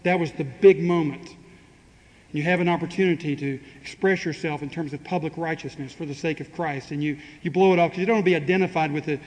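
With long reverb filling the hall and faint ambient noise in the background, a preacher delivers a conversational sermon. He asks the congregation rhetorical questions and performs quoted speech with dry humor, speaking fast in a slightly high, slightly mellow voice with fairly even intonation.

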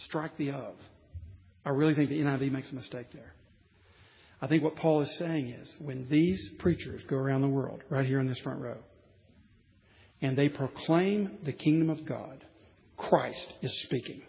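A man's voice: fairly high pitch, lively intonation, normal speed, long reverb tail, highs cut off. A man preaching a sermon in a conversational way, building to emphatic points and dropping wry asides.

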